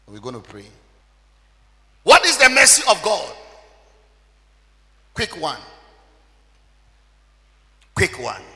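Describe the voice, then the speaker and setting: A male pastor preaching a sermon, swinging between loud shouted emphasis and quiet low asides. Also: in a large hall.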